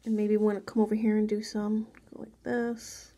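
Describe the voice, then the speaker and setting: Soft-voiced woman chatting through a drawing lesson. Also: medium pitch, completely flat delivery, moderate pace. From Mexican background. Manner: chatty, softly spoken, drifting into asides. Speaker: drawing tutorial host. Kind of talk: casual drawing tutorial narration.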